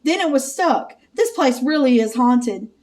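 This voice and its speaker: A jittery, hungry young man with a high, whiny voice, easily spooked, as a woman puts him on for a storybook. His pitch swings widely as he frets. The reading is unhurried. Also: animated, darkish tone. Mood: scared.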